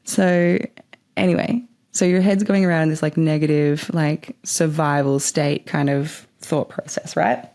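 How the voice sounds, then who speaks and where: A woman's voice: low voice, little pitch movement, a little slow, a little mellow. A woman hosting a podcast, giving spiritual advice in a chatty, rambling way and swearing casually. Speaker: podcast host.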